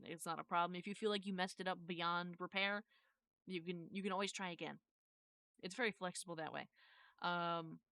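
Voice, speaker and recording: A woman's voice: mid-range voice, bright, forceful tone, clear, resonant tone, dry recording. A woman streamer in casual live chat, explaining a process in a rambling way, often correcting herself. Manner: rambling, self-correcting, thanks viewers. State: has hiccups.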